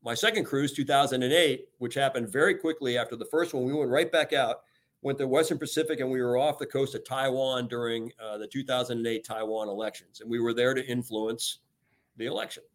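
A retired American admiral, an older man, being interviewed in a relaxed, emphatic way, often using "you know" as he speaks. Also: medium pitch, brisk. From United States. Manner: energetic, emphatic, many "you know" fillers. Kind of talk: podcast interview. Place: talking remotely from home or office.

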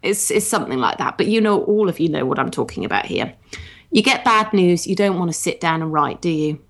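A woman's voice: fairly low pitch, brisk, creaky. A woman in her thirties co-hosting a podcast in casual chat, chatty and often laughing. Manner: chatty, giggly, animated. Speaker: podcast co-host.

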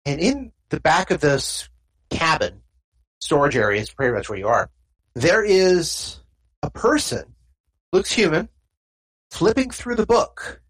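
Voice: mid-range voice, big pitch swings, measured pace, long pauses, a bit bright, slightly rough. A game master narrating a tabletop game in a casual, rambling way with frequent restarts.

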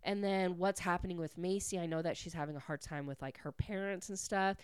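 A young woman hosting a podcast, giving a casual book recap in a chatty, excitable way full of filler words. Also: fairly low pitch, brisk, smooth, no room sound, clean studio sound. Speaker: podcast host.

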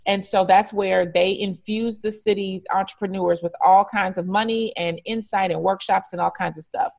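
A woman from Detroit telling a story as an interview guest, acting out the dialogue in lively voices. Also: mid-range voice, normal speed, gravelly. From Detroit, United States. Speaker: franchise regional director, interview guest. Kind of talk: conversational storytelling.

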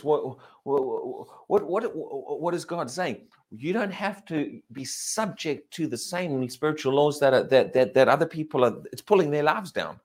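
A man's voice: fairly high pitch, lively intonation. Preacher man with questioning, emphatic delivery. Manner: emphatic preaching with rhetorical questions and frequent restarts; slows and stretches key phrases for emphasis. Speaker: pastor. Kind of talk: sermon.

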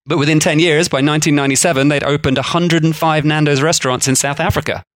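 A man's voice: a little high, steady tone, quick pace, fairly bright tone, no room sound. Male podcast co-host, casual and rambling, dry close recording. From England. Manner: chatty, laughs often, rambling asides. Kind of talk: casual chat.

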